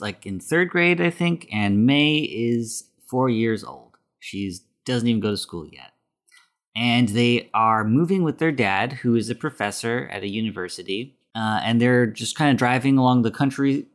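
A man hosting a casual podcast, recapping a film plot in a rambling way with many fillers. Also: medium pitch. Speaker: podcast host.

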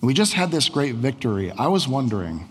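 A man's voice: mid-range voice, sing-song, fairly quick, husky. A man voicing a loyal army general who asks a favor earnestly and a little hesitantly. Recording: long hall reverb.

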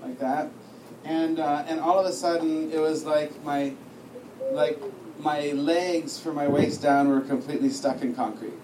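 A man with a high voice preaches a lively sermon, telling his story with humor and acting out the lines of others. He sounds far from the mic in an echoing hall, with clear noise underneath. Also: a little slow. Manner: storytelling with humor, acts out dialogue. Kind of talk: sermon teaching. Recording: echoey room, distant mic, noisy.

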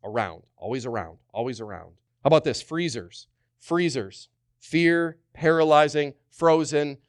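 A man's voice: mid-range voice, moderate pace, dry recording, studio quality. A man preaching a sermon as pastor, repeating key words for emphasis and putting rhetorical questions to the congregation.

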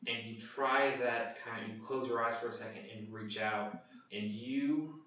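A man's voice: mid-range voice, fairly even intonation, normal speed, bright, forceful tone. Game master, male, casual rambling narration, recorded far off in a roomy space. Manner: loose, rambling narration with fillers. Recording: echoey room, mic far off.

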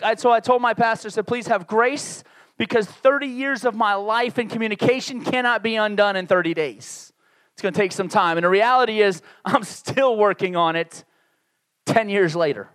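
A man in his forties from the Northeastern United States preaches in a loose, conversational way, poking fun at himself as he goes. His voice sits fairly high for a man. The sound is dry and close, with no room echo. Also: fairly bright tone. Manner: candid, conversational preaching with self-deprecating asides. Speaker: pastor. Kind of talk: sermon.

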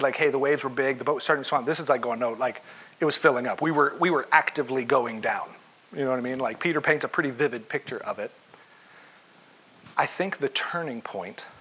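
A man's voice: medium pitch, fairly bright tone, slightly rough. A man preaching a conversational sermon, asking his listeners questions and acting out the lines of the story. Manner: conversational, questions the audience, acts out quotes. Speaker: pastor. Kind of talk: interactive sermon.

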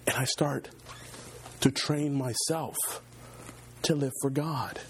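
A man's voice: steady tone, takes it slowly, a little hiss or hum. Guy preaching a fired-up sermon, repeats himself, voice goes way up when he gets into it. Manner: impassioned, voice climbs high when fervent; repetitive rhetorical preaching.

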